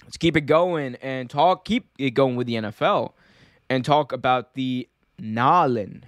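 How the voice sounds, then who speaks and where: A young man talks sports in a casual, animated way, firing off opinions and restarting his sentences. His voice is smooth and clear, recorded close and dry with no room sound. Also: medium pitch, unhurried, no room sound. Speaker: sports show host.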